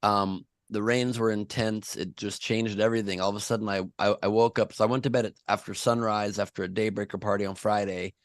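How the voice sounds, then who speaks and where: A man's voice: fairly low pitch, level tone, a little fast, few pauses, dry recording. Joking man on a dry mic. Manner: joking, mock announcer asides. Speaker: podcast host. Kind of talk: casual comedic chat.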